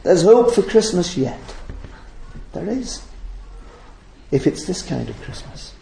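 Emphatic gravelly preacher in an echoey church. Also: male voice, high-pitched, very animated, takes it slowly, mellow, slight background noise. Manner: emphatic, repeats phrases for stress. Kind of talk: sermon.

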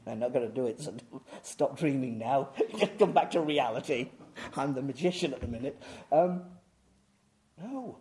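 A man preaching a sermon, swinging from booming emphasis to hushed, intense delivery. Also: animated, moderate pace.

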